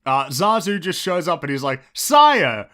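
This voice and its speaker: A man with a sharp, somewhat high voice hosts his own podcast at a normal pace. His casual commentary monologue is full of restarts and offhand swearing.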